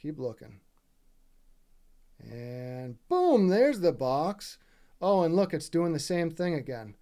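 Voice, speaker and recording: Mellow-voiced man, casual gaming commentary, heated and profane, keeps asking the viewer to agree. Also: a little high, big pitch swings, takes it slowly. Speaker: gaming video creator. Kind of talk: casual commentary over gameplay footage.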